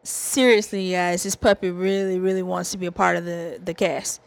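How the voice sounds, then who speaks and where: A woman's voice: fairly low pitch, fairly even intonation, moderate pace, creaky, no echo. Chatty Southern woman reviewing TV. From American South. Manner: chatty, giggly, rambling asides. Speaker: TV review host. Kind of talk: casual chat.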